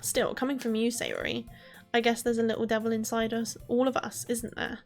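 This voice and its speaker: Anime schoolgirls from a visual novel, read aloud by a woman, quiet and plain. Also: a little high, level tone, a little fast, gravelly, soft background music. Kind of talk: reading game dialogue aloud.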